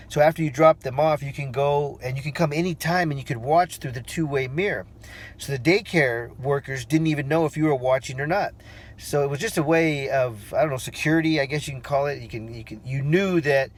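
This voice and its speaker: A man in his forties telling a personal story in a relaxed, rambling way, with fillers and restarts, acting out the voices he quotes. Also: medium pitch. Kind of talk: casual spoken storytelling.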